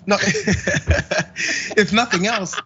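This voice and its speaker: A man's voice: high voice, drawn-out words, slightly rough, highs cut off. A man co-hosting a podcast, telling a story in casual chat and acting out the lines of the people in it. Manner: animated, acts out dialogue, laughs while telling stories. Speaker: podcast co-host.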